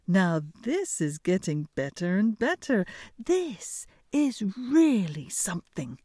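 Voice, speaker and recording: A woman voicing a simple, cheerful peasant youth who shouts out merrily in a storybook reading. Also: medium pitch, sing-song, slow pace, dry recording, clean studio sound. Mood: boisterous.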